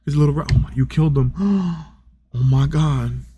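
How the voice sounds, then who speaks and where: A young man hosting a let's play, excitable and chatty, cooing and gasping at the game. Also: a little high, normal speed, slightly rough, no echo. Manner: excitable, coos and gasps, chatty asides. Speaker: gaming channel host.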